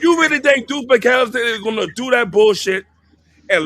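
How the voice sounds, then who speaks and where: A man's voice: extremely high pitch, moderate pace, fairly bright tone, no room sound, studio quality. A man calling in to a fan show, indignant, repeating himself and swearing as he argues. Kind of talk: heated fan debate.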